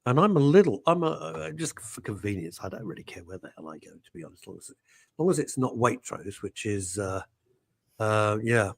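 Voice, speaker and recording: A man in casual radio studio chat, quick with jokes and full of stammered restarts. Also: on the low side, sing-song, gravelly, dry recording.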